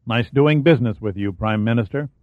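A man's voice: mid-range voice, brisk, no echo, close to an everyday voice. A man reading an audiobook, voicing a cold, contemptuous male hired killer. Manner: contemptuous and sneering. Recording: dry, phone-like narrow sound.

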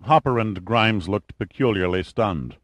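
A man narrating an audiobook in a steady, measured way. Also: fairly low pitch, no echo. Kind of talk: scripted narration.

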